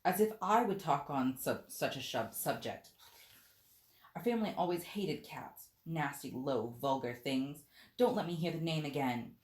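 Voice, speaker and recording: A woman voicing a shrill, frightened, touchy mouse in a storybook reading. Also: animated, a little slow, darkish tone. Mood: indignant. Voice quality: shrill, passionate. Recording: roomy echo.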